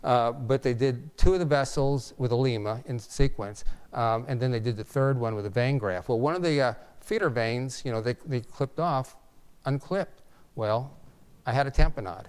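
A man in his sixties, a physician, gives a personal testimony. His voice is smooth and resonant, and his pitch sits in an ordinary middle range. He talks earnestly and haltingly, often stopping to restart a sentence. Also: darkish tone.

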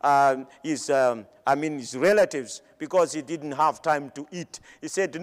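A male preacher giving a sermon in an emphatic way, with pauses and repeated phrases. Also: fairly high pitch. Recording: long hall reverb.

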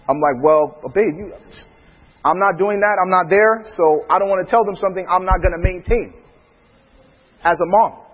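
A man with a high, husky voice tells stories about his family in an animated way, laughing often. He speaks as a preacher in a casual chat. The sound is dull, and a long reverb trails behind it. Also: normal speed, long pauses. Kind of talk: storytelling in casual talk.

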